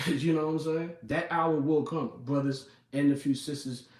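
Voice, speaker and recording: Heard from a distance in a reverberant room, a man with a voice on the high side preaches at a normal pace in a steady tone. He reads scripture and discusses it casually, peppering asides to listeners with "you know what I'm saying" and "man."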